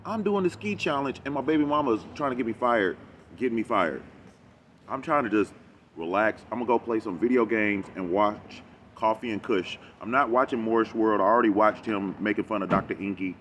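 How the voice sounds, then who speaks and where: A man giving a rambling, animated reaction commentary, talking back at a video he is watching. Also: lowish voice, brisk, a little hiss or hum. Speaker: reaction vlogger.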